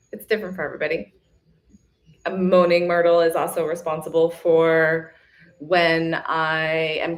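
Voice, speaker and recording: A woman hosting a live self-love retreat, giving an emphatic, casual motivational talk. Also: lowish voice. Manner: emphatic, repetitive coaching; casual, chatty.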